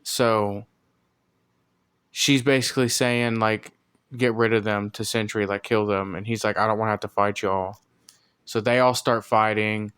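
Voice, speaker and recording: A man with a low, fairly monotone voice casually recaps a film's plot, piling on fillers as he goes. His voice is smooth and clear. The sound is dry and close, with little room around it. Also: unhurried, no echo. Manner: rambling, filler-heavy retelling. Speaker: movie reviewer.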